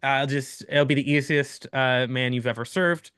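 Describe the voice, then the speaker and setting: A man's voice: medium pitch, steady tone, normal speed, fairly bright tone, smooth, no echo, studio quality, natural voice. A man voicing a boastful middle-aged Russian diner who speaks in a breezy, offhand way.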